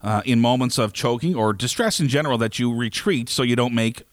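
A man from Canada telling a long story on a podcast in casual chat, animated and laughing, acting out quoted lines. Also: medium pitch, brisk, dry recording, clean studio sound.

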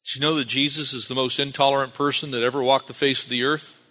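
A man's voice: medium pitch, little pitch movement, quick pace, bright, forceful tone. A man preaching a sermon as pastor, calling for amens and repeating phrases for emphasis. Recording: long reverb of a hall.

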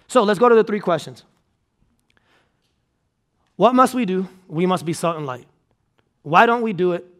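A man preaching a sermon with energy to a congregation, repeating and stressing his points. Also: high voice. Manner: energetic, repetitive preaching with restarts and emphatic repeats. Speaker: pastor. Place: church auditorium.

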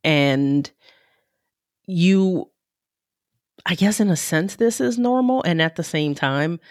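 A woman hosting an interview podcast, asking reflective, rambling questions and getting animated when reacting. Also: lowish voice, takes it slowly, no room sound, studio quality. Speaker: podcast host. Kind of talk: conversational interview.

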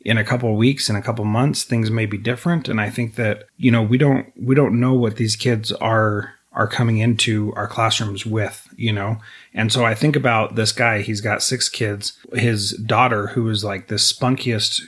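A man's voice: on the low side, fairly even intonation, normal speed, fairly bright tone, husky. A man hosting an interview, talking in an earnest, reflective way with small restarts. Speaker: podcast host interviewing a guest. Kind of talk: conversational interview.

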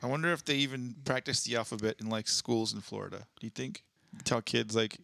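A man co-hosting a comedy podcast, laid-back and joking as he reads out news stories with offhand asides. His voice is bright and edgy, with a gravelly fry running through it. The recording is dry and close. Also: medium pitch, fairly quick, no echo. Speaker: podcast co-host. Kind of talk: casual comedic chat.

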